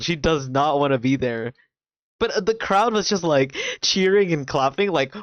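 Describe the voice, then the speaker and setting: A man streaming, casually recapping a drama's plot in an animated way, swearing often and filling his talk with "like". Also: fairly high pitch, moderate pace, no echo. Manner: animated, swears a lot, fills with "like". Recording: dull, dry, lo-fi mic sound.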